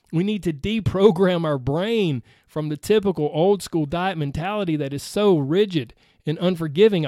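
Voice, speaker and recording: A man with a Southern accent delivers an earnest, chatty podcast monologue as a coach. His voice sits high for a man, and it is recorded dry and close with no room around it. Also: a little mellow, no room sound. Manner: earnest, conversational, frequent "right?". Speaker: podcast host and weight-loss coach.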